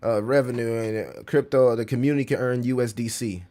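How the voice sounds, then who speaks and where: With a brisk, mid-range voice, the crypto streamer keeps things casual and lively, reading chat aloud while peppering his talk with slang and curses.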